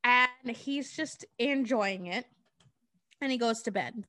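A woman co-hosting a podcast, retelling a movie plot in casual, profane, animated storytelling. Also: a little high, slow, no room sound, clean studio sound. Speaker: podcast co-host.

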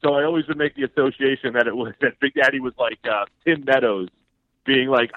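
A man in the middle pitch range phones in as a guest and tells long, easygoing stories, sprinkled with fillers and chuckles. His voice comes through a thin, phone-like line. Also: fast talker, dry recording. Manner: relaxed, rambling anecdotes with fillers and laughs. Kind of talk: casual chat, storytelling.

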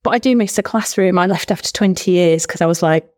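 Speaking quickly in a lowish, slightly mellow voice, a middle-aged woman recounts stories as an interview guest. A former language teacher, she's enthusiastic and keeps slipping in asides throughout the casual chat.

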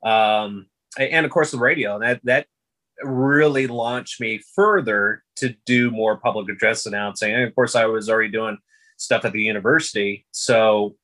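A man who works as a public address announcer, chatting in an interview and telling stories in a loose, animated way. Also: fairly low pitch, normal speed, rough recording. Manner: storytelling, animated impressions of announcers. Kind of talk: casual interview talk.

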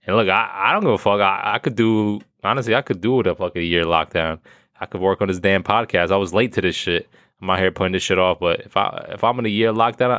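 Profane ranting man with a deep voice. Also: clean tone, no room sound, studio quality. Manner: loud, profane, ranting, laughs at his own jokes. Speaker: podcast host. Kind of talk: profane comedic rant.

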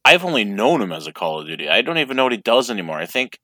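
A man's voice: medium pitch, very animated, very fast, bright, forceful tone, dry recording, clean studio sound. A man chatting casually on a podcast, laid-back, with short replies and some swearing. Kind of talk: casual chat.

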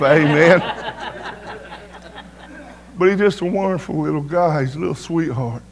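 Unhurried and pausing often, a middle-aged man with a fairly high voice preaches his testimony. He relies on folksy storytelling, tossing "amen" to the congregation along the way.

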